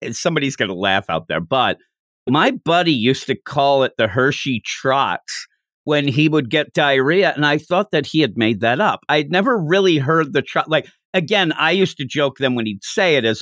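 A man co-hosting a casual podcast, rambling and animated, breaking into high quoted voices now and then. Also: moderate pace, no room sound, clean studio sound. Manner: rambling, with restarts. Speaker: podcast co-host.

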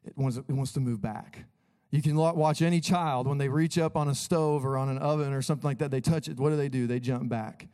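A male pastor preaching in a relaxed, conversational way. He speaks with energy and addresses the listener directly, at a mid pitch for a man. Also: a little fast. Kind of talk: sermon.

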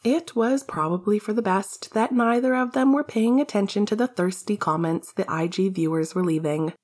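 A woman's voice: medium pitch, a little mellow, slightly rough. A woman narrating a fan fiction story in a wry, casual way, swearing freely. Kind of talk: fan fiction audiobook reading.

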